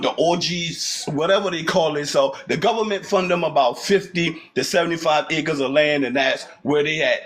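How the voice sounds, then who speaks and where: Male caller, Geechee Lowcountry accent, blunt and profane, rambling, voice sits a bit high. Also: fairly bright tone. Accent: Geechee, South Carolina Lowcountry. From Charleston, South Carolina. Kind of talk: heated livestream call-in.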